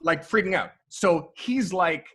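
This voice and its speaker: Animated storytelling man, slightly high. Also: moderate pace, slightly rough. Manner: animated, swears freely, acts out quotes. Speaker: photographer guest. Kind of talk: casual storytelling. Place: podcast studio.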